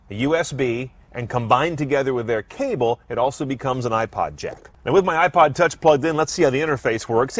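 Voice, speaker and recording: A man presenting a product review in a brisk, wry and opinionated way, with faint music behind him. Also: mid-range voice, dry recording. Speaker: car reviewer. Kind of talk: scripted product review narration.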